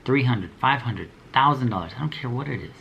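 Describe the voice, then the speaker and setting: A man's voice: medium pitch, lively intonation, brisk, gravelly, muffled recording, a little hiss or hum. Blunt, preachy young man with street slang. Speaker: motivational speaker. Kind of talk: motivational talk to business owners.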